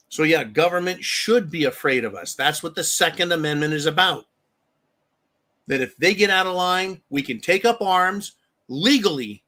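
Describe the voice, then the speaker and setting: A man's voice: fairly high pitch, bright, forceful tone. A man hosting a political commentary show, ranting angrily and emphatically, with frequent profanity. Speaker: host.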